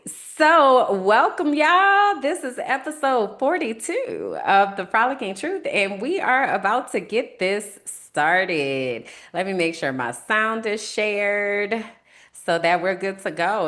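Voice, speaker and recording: A woman's voice: fairly low pitch, fairly bright tone. Chatty woman hosting a live podcast. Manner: upbeat, chatty, greets the chat, says y'all. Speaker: podcast host on a livestream. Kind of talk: casual live-stream chat.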